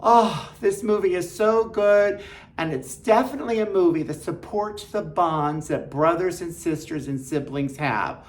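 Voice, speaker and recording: A woman's voice: fairly low pitch, measured pace, a little mellow. A woman hosting a show of film recommendations, chatty and enthusiastic, with jokey asides. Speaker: film reviewer host.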